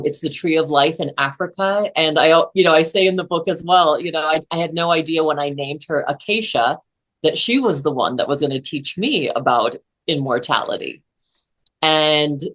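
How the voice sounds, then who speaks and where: A woman's voice: sits low, poor audio. A woman psychotherapist, a guest on an interview, telling a personal story earnestly with frequent restarts.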